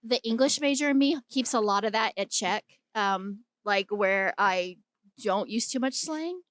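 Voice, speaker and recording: A woman with a soft Texan accent chats casually as a podcast co-host. She talks in an animated way, quick to laugh and exclaim. Her voice sits mid-pitch and is recorded close and dry. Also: dry recording. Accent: Texan, mild. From Texas. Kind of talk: casual chat.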